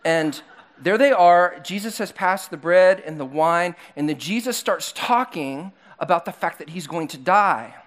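A man preaches to a congregation in a church hall, calling for slides as he goes. He tells the story in an animated way, acting out the characters in voices of their own. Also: sits high, unhurried. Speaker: pastor. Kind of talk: sermon.

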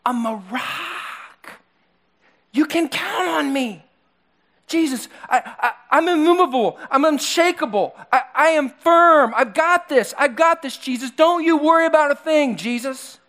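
A preacher doing a boastful eager disciple. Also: male voice, measured pace, exaggerated voice. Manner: higher, louder, pleading and boastful.

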